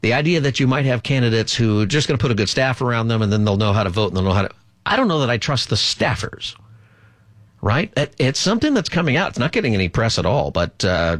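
A man's voice: mid-range voice, sing-song, quick pace, a bit bright, no room sound. A man hosting a political talk radio show, giving opinionated commentary with many fillers and asides.

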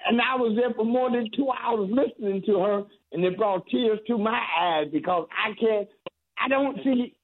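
Man, reverend on call-in radio, earnest, halting, husky, phone-line sound. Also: sits high. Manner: earnest, halting with repeated restarts.

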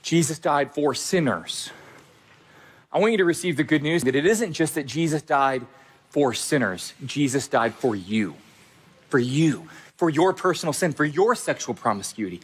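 A man's voice: on the high side, big pitch swings, moderate pace, slightly rough. A man pastor preaching a sermon with emphatic direct address and repeated phrases.

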